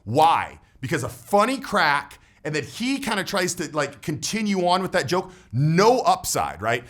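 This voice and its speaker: A male coach in his forties with a fairly high voice that swings widely in pitch. He breaks down a social situation for the viewer in a lively, conversational coaching tone and keeps checking in with "right?". The delivery stays energetic and direct. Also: unhurried. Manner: animated, tags points with "right?". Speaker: voice and status coach.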